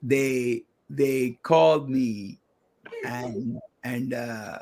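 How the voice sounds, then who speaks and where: A man's voice: medium pitch, extremely slow, creaky, mellow. A man hosting a radio talk show in a studio, chatting casually and airing his opinions as he thinks aloud.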